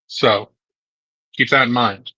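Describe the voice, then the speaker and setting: A man's voice: mid-range voice, steady tone, slow, pushed and bright, slightly rough, no echo, low-quality recording. A man making knives in a garage workshop, chatting casually with his co-host while he works. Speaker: knifemaker streamer. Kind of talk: casual chat while working.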